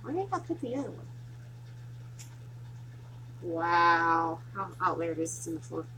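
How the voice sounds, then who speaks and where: A woman's voice: fairly low pitch, very animated, measured pace, sharp tone, a little hiss or hum, poor audio. A woman from Tennessee with a strong Southern twang, chatting casually and laughing often while she walks viewers through a craft project. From Tennessee, USA. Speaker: craft tutorial host.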